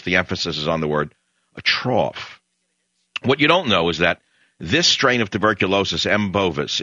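A male talk radio host with a low voice and a hard, pushing edge delivers a combative, sarcastic monologue. The broadcast sound is dry and a little muffled. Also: bright, forceful tone, no room sound.

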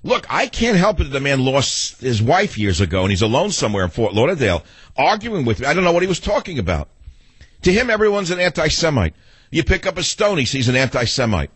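A man's voice: on the high side, very animated, fast talker, a bit bright, slightly rough, dry recording. A middle-aged man hosting a talk radio show, combative and sardonic, rambling between arguing with callers and monologue.

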